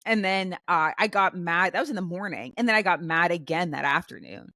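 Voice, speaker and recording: A young woman co-hosting a casual podcast, telling a story with many restarts and fillers, and jumping much higher when she acts out her own outbursts. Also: fast talker, sharp tone, no room sound, studio quality. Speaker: podcast co-host. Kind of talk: casual chat.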